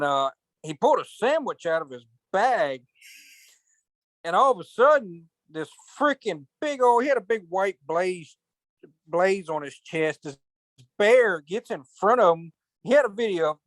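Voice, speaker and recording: A man's voice: high-pitched, no echo. Drawling man telling hunting stories. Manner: rambling, colloquial, drawn-out storytelling with cursing. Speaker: podcast host. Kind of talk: casual storytelling chat.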